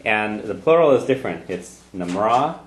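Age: adult. Sex: man. Role: language teacher. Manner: patient, step by step. Pitch: low. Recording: echoey room. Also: animated, moderate pace. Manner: patient, breaks phrases down word by word. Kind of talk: teaching a group class.

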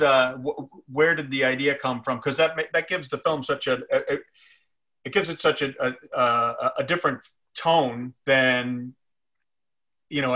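A man with a bright, forceful voice asks questions in a loose, conversational interview. His phrasing is halting, full of restarts and fillers as he feels his way toward each question, and his pitch sits in an ordinary middle range.

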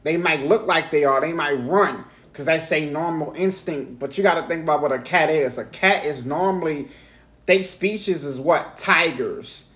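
A man's voice: a little high, moderate pace, fairly bright tone. A man hosting a reaction video, telling a rambling, profane story in casual chat.

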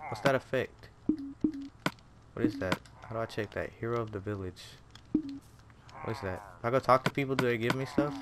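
A man's voice: mid-range voice, a little hiss or hum. A man giving casual commentary over his own gameplay, jumpy and exclaiming, talking straight to the game. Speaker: gaming video creator. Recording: game music playing behind voice.

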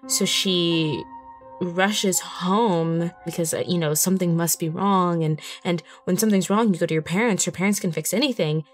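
A woman's voice: on the low side, normal speed, faint music behind. A woman playing a tabletop game, describing her character's scene vividly with many casual fillers. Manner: vivid storyteller, lots of fillers. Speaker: player.

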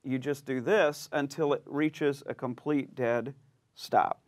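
A man's voice: medium pitch, slow. A man teaching as a pastor in a conversational sermon, telling stories and acting out the voices he quotes. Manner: animated storyteller, acts out quoted voices.

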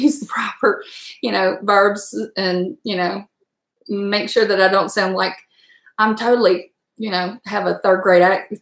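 A chatty middle-aged woman with a Southern accent from Southwestern Virginia talks casually to her viewers. She wanders from thought to thought and laughs often. Her voice sits at a middle pitch, and the room around her rings with echo. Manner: chatty, rambling, quick to laugh. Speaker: livestream host chatting with viewers. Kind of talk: casual chat.

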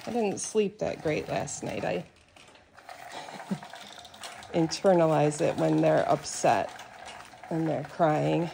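A woman filming a casual vlog, talking gently to rescued cats in soft, soothing baby talk. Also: low voice, takes it slowly, gravelly, long pauses, a little hiss or hum. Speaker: cat rescuer.

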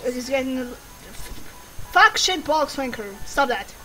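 A woman's voice: sits high, steady tone, quick pace, low-quality recording. A woman commentating her gameplay in casual chat, giggling, swearing and exclaiming at the game. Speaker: gaming channel host. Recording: faint background music.

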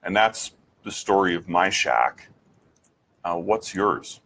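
A man with a low, husky voice shares his faith testimony in an earnest, reflective way. He pauses often, restarts his sentences, and turns to the listener with direct questions. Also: expressive, a bit bright. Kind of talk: personal testimony talk.

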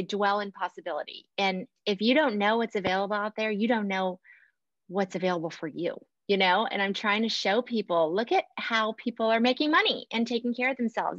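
A podcast host with a medium-pitched voice runs a casual interview, upbeat and talkative, laughing often. The recording is dry, with a dull lo-fi sound.

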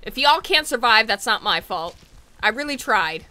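A high, bright woman's voice, loud and expressive as she streams a video game. Her pitch swings widely while she reacts to the game and talks to its characters. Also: moderate pace. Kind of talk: live gameplay commentary.

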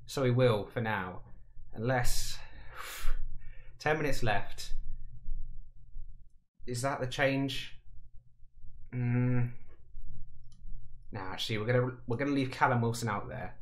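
A man giving casual, excitable commentary over a football management game, talking to himself and panicking aloud. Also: mid-range voice, takes it slowly, pauses often. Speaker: gaming YouTuber.

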